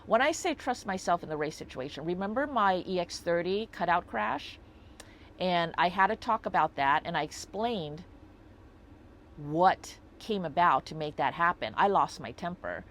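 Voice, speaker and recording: A woman's voice: lowish voice, lively intonation, normal speed, a bit bright, slight background noise. A woman talking through a personal story in a casual vlog, reflective and rambling with lots of fillers. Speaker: vlogger.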